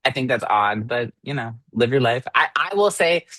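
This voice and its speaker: A man co-hosting a chatty podcast, animated and loose with swearing, often leaping high in pitch when he gets exasperated. The sound is dry and close, with no room around it. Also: moderate pace, no room sound. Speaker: podcast co-host. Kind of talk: casual chat.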